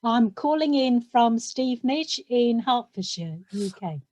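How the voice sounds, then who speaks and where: A middle-aged woman from South London, an analytical chemist, explaining her work on a video call in a relaxed way with frequent ums. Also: fairly high pitch, a little slow, dry recording. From South London, England.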